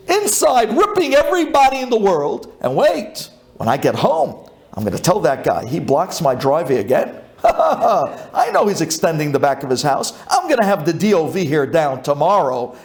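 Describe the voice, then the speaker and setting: A rabbi with a high voice gives a lively sermon in a reverberant space, acting out a grumbling congregant. He builds up to shouted lines.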